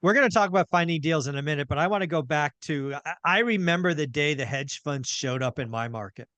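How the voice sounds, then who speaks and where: A man hosting a casual podcast interview, telling stories with lively, acted-out reactions. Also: fairly high pitch, fast, no echo. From California. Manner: animated storyteller, acts out his own reactions. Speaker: podcast host.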